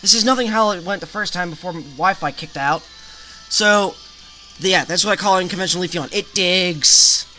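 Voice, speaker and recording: A man's voice: high-pitched, normal speed, sharp tone, faint music behind. A man hosting a gaming channel, casually retelling a game battle move by move in a chatty play-by-play.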